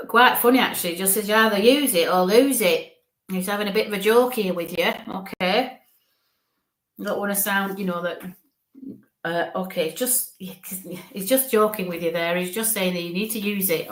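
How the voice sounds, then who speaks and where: Woman, psychic medium, affectionate, chatty, mid pitch, echoey room. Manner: warm, affectionate, talks in quick asides. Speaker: psychic medium giving live readings. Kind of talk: live-streamed reading, chatty and reassuring.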